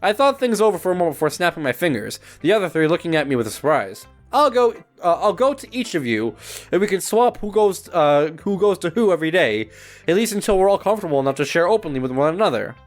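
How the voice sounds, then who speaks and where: A man's voice: high voice, very animated, fast, faint music behind. A young man reading a visual novel aloud as a gaming YouTuber, stumbling over words, laughing at his misreads and swearing casually.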